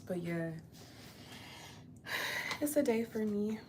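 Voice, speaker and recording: A woman's voice: mid-range voice, lively intonation, slow pace, a little hiss or hum. A young woman chatting on a casual livestream from her apartment, rambling and laid-back, sounding tired. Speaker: livestream host.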